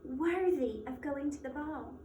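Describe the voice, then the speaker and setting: A soft-spoken, kindly fairy godmother from a storybook, motherly and gentle, as a woman reading aloud puts her on. The voice sits fairly high, and it sounds roomy and a little distant, as if recorded across an echoing room. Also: a little slow, a little hiss or hum. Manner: gentle, soft, warm-hearted. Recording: echoey room, mic at a distance.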